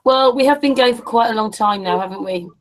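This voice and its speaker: A woman's voice: on the high side, brisk. A woman co-hosting a casual online show, chatting and thanking viewers as she signs off. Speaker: co-host. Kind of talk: casual chat wrapping up a stream.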